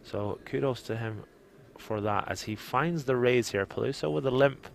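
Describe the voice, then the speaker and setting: Gravelly Northern Irish poker commentator. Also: male voice, mid-range voice, normal speed, a little hiss or hum. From Northern Ireland. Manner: chatty, laughs often, teasing.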